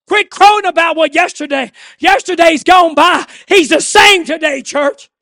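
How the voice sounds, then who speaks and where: A man preaching a fervent sermon, swinging from hushed lines to shouting. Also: extremely high pitch, moderate pace, gravelly, dry recording, clean studio sound.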